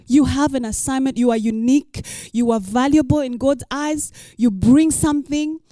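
A woman's voice: sits high, moderate pace, mellow, no room sound, clean studio sound. A woman pastor preaching a sermon, emphatic and repeating her key lines for the listeners.

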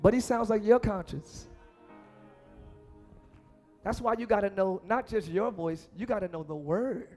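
A man preaching a lively sermon as pastor, acting out voices and shouting lines for emphasis. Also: high voice, a little slow, long pauses, soft background music.

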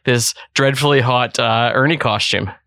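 Wry co-host with a bright voice. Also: male voice, medium pitch, moderate pace, vocal fry, no room sound. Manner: wry, teasing. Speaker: podcast co-host. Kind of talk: casual podcast chat. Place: podcast studio.

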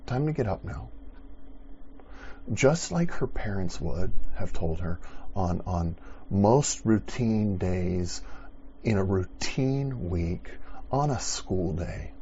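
A middle-aged man preaching a sermon, conversational and playful, rising to loud dramatic bursts. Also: low voice, lively intonation, slow, highs cut off, a little hiss or hum. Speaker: pastor.

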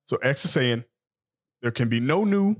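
A man's voice: medium pitch, lively intonation, normal speed. A man hosting a casual podcast chat, steering the talk and cutting in to pass the turn. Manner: steers the talk, interrupts, asks others to go on. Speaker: podcast host.

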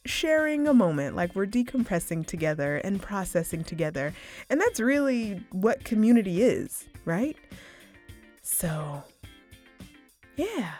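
A woman's voice: lowish voice, a little mellow. A woman hosting a casual solo podcast, chatting informally, often saying "like" and "y'all" and swearing freely. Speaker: podcast host.

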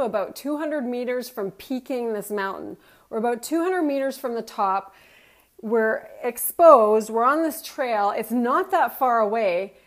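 A middle-aged woman, a motivational speaker, telling a personal story and acting out her own thoughts. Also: on the high side. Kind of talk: personal story told to an audience.

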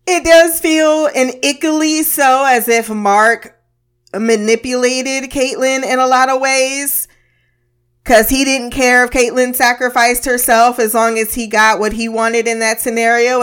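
A woman's voice: a little high, steady tone, a little slow, fairly bright tone, clear, resonant tone. A woman giving a casual, blunt recap of a TV episode, swearing freely and laughing often between remarks. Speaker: TV episode reviewer.

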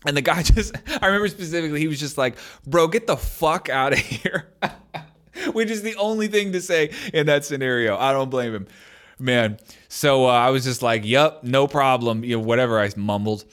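A man's voice: medium pitch, fairly quick, a bit bright, clean tone. A man in his thirties telling a personal story in a loose, conversational way, full of "like" fillers. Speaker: storyteller sharing a personal experience. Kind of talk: casual storytelling to camera.

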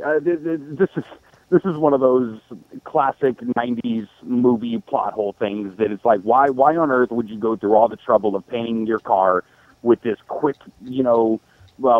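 A man's voice: mid-range voice, dry recording, phone-quality sound. A man co-hosting a podcast, chatting casually about movies and repeating words as he thinks aloud. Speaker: podcast co-host.

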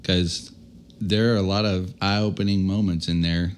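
A man's voice: deep voice, fairly even intonation, unhurried, clean tone. A man co-hosting a casual podcast chat, emphatic and enthusiastic, often finishing his partner's sentences. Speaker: podcast co-host.

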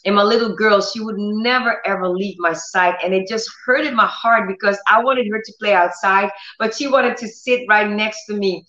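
A woman's voice: mid-range voice, normal speed, few pauses, a bit bright. A middle-aged woman preaching and telling a personal testimony in an earnest, storytelling way, with restarts and laughter. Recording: roomy, slightly dull recording.

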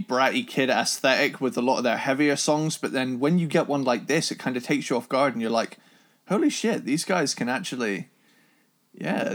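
A man's voice: mid-range voice, a bit bright. A man co-hosting a casual music review chat, enthusiastic and rambling, with restarts and the odd swear. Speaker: podcast co-host.

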